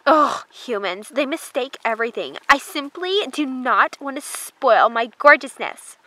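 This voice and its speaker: A woman's voice: high voice, animated, unhurried, pushed and bright, no echo, heavily acted, poor audio. Girl doing a stuck-up gray mare, snooty and dramatic, dry close mic. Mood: haughty. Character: vain haughty gray mare who calls herself a queen. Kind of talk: toy horse drama voice acting.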